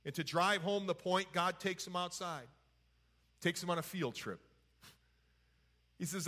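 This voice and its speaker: Male Bible teacher, conversational and folksy, a bit high-pitched. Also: a little slow, pauses often, sharp tone. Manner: folksy, paraphrases scripture in everyday talk.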